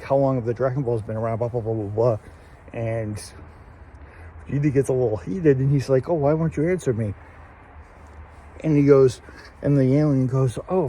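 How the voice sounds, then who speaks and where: A man's voice: medium pitch, warm tone. A man hosting a casual solo episode review, rambling with many fillers and restarts. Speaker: show host reviewing an anime episode.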